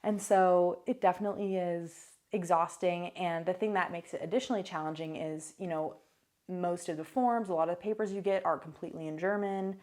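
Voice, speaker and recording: Young female vlogger, slightly low voice, loose chatty delivery with fillers. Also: steady tone, a little fast, darkish tone. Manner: chatty, many fillers and asides. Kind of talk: casual vlog talk. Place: new apartment.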